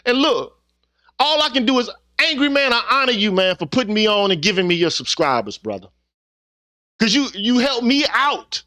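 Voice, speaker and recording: A man's voice: very high-pitched, very animated, moderate pace, sharp tone, no echo, clean studio sound. A middle-aged man giving an earnest, preachy, profane monologue to his viewers, ending his sentences with "man.". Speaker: YouTube vlogger. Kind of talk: impassioned casual monologue.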